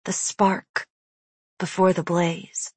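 A woman narrating an audiobook in a measured, hushed, deliberate way on a close studio mic. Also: fairly low pitch, level tone, breathy edge, no room sound.

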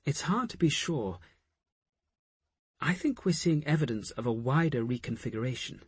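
A man's voice: mid-range voice, expressive, normal speed, slightly rough, no room sound. A man voicing a hesitant, earnest woman scientist in an audiobook, speaking in a musing way.

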